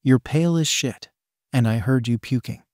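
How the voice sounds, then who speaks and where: A man voicing a hot-tempered, foul-mouthed teenage boy who talks gruffly and curses in exasperation. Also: mid-range voice, normal speed, darkish tone, no room sound, clean studio sound, natural voice. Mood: irritated.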